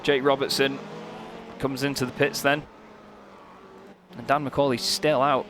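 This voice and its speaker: A young man calls the race in mid pitch, quick with a joke and lifting when the action tightens. Engine noise roars clearly behind his voice. He sounds like a seasoned race commentator. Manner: lively, joking, gets excited at close moments. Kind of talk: sim racing commentary. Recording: commentary over loud race car noise.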